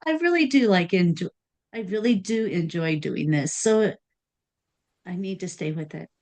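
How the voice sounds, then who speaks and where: A woman hosting a podcast, talking in an earnest, thoughtful way and pausing often as she thinks aloud. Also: fairly low pitch, lively intonation, a little mellow. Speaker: podcast host. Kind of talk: casual podcast conversation.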